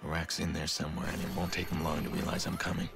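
A man voicing a brooding male vigilante hacker in a video game, speaking in low, clipped, gravelly lines. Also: little pitch movement, fast, music in the background. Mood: grim.

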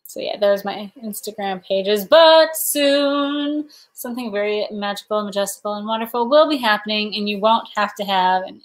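A woman's voice: mid-range voice, moderate pace. A woman hosts a casual livestream from home. She rambles cheerfully, laughs between sentences and reads viewers' comments aloud. Her voice sits in an ordinary middle range. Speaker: livestream host.

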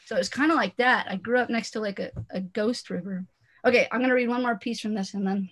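A woman's voice: a little high, quick pace. A woman author from the Los Angeles area, chatting and laughing easily while introducing her book, speaking over a video call. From Los Angeles area, USA. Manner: chatty, laughs often, many "you know" fillers. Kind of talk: casual talk and reading at a book launch.

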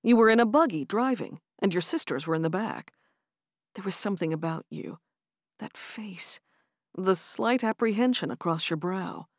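A woman reading an earnest young man in love, gentle and pleading in a storybook romance. His lines sit close and dry, with a lively rise and fall in the voice. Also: medium pitch, normal speed, no room sound. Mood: tender. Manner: soft, tender, pleading.

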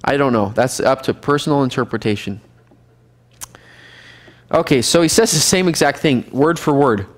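A man's voice: mid-range voice, animated, normal speed, long pauses. A man teaching a Bible study class, reading scripture aloud and explaining it in a conversational way, asking the class questions.

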